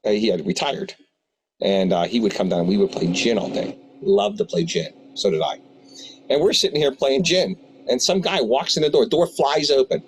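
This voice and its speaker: A man's voice: medium pitch, lively intonation, normal speed, noisy background. A man in his fifties who owns a tabletop game shop, telling rambling anecdotes with many restarts in an interview. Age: 50s. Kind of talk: storytelling interview.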